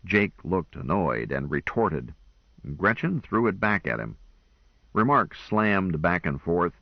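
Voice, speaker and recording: Low-voiced guy reading an audiobook, really lively pitch, dry dull lo-fi sound. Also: slow pace, dry recording. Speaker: audiobook narrator. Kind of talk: audiobook narration.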